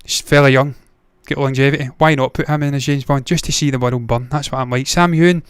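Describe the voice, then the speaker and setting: The host of a movie news livestream is a fast talker with a mid-range, steady voice, dishing out blunt opinions and plenty of swearing in casual commentary. The clean studio sound has a clean tone and no room sound.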